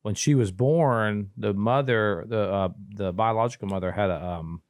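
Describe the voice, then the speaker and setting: A man's voice: fairly low pitch, moderate pace, no echo, clean studio sound. A man telling a long family story in casual podcast talk, full of restarts and quoted dialogue.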